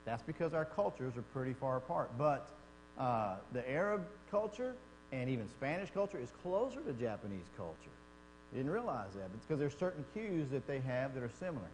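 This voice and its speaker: A man teaching a Bible class in a conversational, animated way, acting out quotes as he explains. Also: mid-range voice. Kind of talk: church class lecture. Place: church classroom. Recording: long reverb in a church hall, faint hum.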